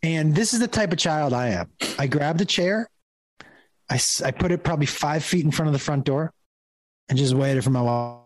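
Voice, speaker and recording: This middle-aged man is a comedian guest spinning an animated comic tale, his voice a little high and lively at a normal speed. The recording is dry, and he laughs a lot while performing each character's quoted lines.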